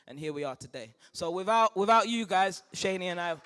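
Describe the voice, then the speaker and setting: A man with a notably high voice speaks as the groom at a wedding reception. He stops and restarts, repeating lines as he gets emotional, and laughs between thanks. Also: a bit bright, clear, resonant tone. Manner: halting, repeats himself, breaks into laughter. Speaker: groom giving a wedding speech.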